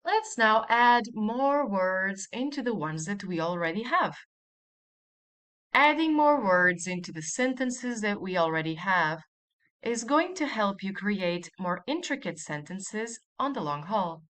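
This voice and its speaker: A woman teaching a language lesson, speaking slowly and clearly and repeating model words for the listener. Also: mid-range voice, lively intonation, a bit bright. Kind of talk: scripted language lesson narration.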